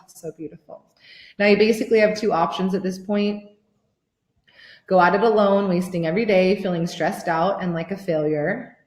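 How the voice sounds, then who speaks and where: Pitching her motivational workshop, a woman in her thirties who works as a life coach sounds effusive and thrilled, with plenty of profanity. The sound is roomy.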